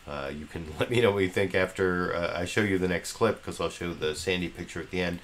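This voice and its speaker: A man with a low, deep voice hosts a live commentary stream. He rambles casually, filling pauses with "uh" and circling back on his own sentences. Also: slight background noise. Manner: rambling, hesitant, many fillers and restarts. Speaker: political commentary host.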